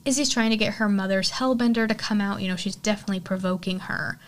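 A woman's voice: mid-range voice, fast talker. A woman hosting a horror podcast, retelling a film's plot and giving her opinion in a casual, chatty way, with plenty of "like" and "you know". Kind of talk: casual film recap and review.

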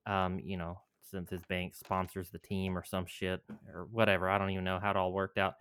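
A man's voice: low-pitched, monotone, brisk, fairly bright tone, clear, resonant tone. A man telling a rambling, profane story in a casual chat.

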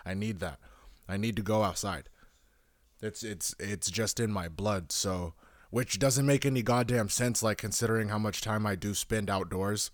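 A man's voice: lowish voice, moderate pace, no room sound, studio quality. A young man hosting a solo podcast, rambling casually with lots of swearing and restarts. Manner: rambling, profane, self-correcting. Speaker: podcast host.

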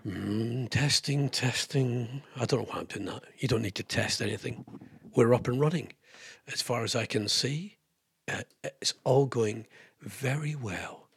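A man's voice: medium pitch, moderate pace, vocal fry, slightly rough, no echo. A British man hosting a live radio show, chatty and rambling, with lots of fillers and self-mocking asides. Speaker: radio host. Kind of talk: casual live radio presenting.

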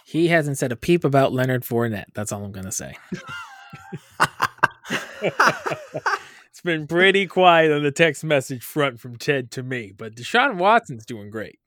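A man cohosts a sports podcast and tells a story with a laugh never far away. His voice sits at an ordinary middle pitch and is recorded dry and close, with no room sound around it. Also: very animated, unhurried, pauses often, a bit bright, no room sound. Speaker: podcast co-host. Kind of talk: casual chat.

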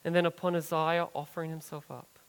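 High-voiced man preaching earnestly. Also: flat delivery, fairly quick, smooth, in a large hall, poor audio. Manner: earnest preaching that swells for emphasis and drops soft and low on key phrases. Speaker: pastor. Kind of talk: sermon.

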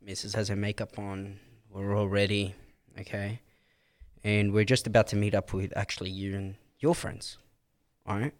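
A man's voice: fairly low pitch, moderate pace. A man co-hosting a casual podcast, telling a story and acting out the voices in it. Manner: animated storyteller, acts out quotes loudly. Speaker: podcast co-host.

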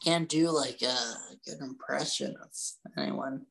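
A man's voice: a little high, fairly even intonation, unhurried, creaky, fairly bright tone. A laid-back man in his thirties co-hosting a podcast in casual chat, mostly giving short agreeing replies. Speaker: podcast co-host.

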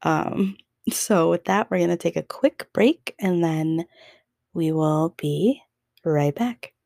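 A woman's voice: on the low side, takes it slowly, creaky, a little mellow, no room sound, clean studio sound. A young woman hosting a podcast, telling a story in a casual, chatty way with lots of fillers and laughs. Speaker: podcast host.

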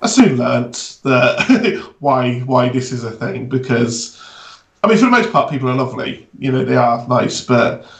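A man's voice: medium pitch, lively intonation, a little slow, vocal fry. A man co-hosting a podcast, telling rambling stories with laughs. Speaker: podcast co-host. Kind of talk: casual chat. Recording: echoey, distant mic.

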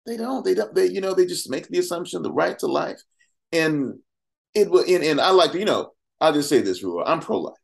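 A man's voice: on the high side, expressive, normal speed, creaky. A man talking as a podcast guest in an impassioned, conversational way, firing off rhetorical questions between casual fillers and asides. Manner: emphatic, fires off rhetorical questions.

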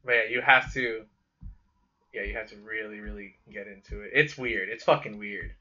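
A man's voice: on the low side, fairly even intonation, sharp tone. A young man chatting casually about movies, rambling and swearing as he explains. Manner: rambling, profane, drawn-out explanations. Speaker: podcast co-host. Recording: dull lo-fi sound.

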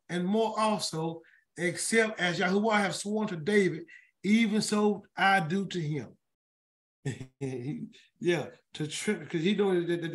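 A man leading a weekly Bible word study. He reads scripture aloud and breaks off into chatty, colloquial asides, often stumbling and restarting over names. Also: high-pitched. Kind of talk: scripture reading with casual commentary.

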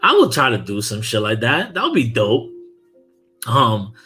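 A young man from Brooklyn hosts a podcast in a loose, swearing, animated chat. His voice is bright and forceful, and he laughs often. Faint music plays behind him. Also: medium pitch, unhurried. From Brooklyn, New York. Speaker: podcast host. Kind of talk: casual chat.

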